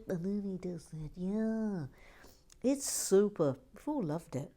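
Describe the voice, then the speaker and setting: A woman chatting casually while building, playful and teasing, often dropping into soft whispered asides. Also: fairly low pitch, lively intonation, moderate pace. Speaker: LEGO building vlogger. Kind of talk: casual chat while building and reading comments.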